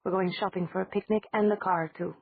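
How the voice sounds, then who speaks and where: Woman reading a soft-spoken gentle young man. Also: medium pitch, brisk, creaky, breathy edge. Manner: soft, calm. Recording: dry, tinny phone-like audio.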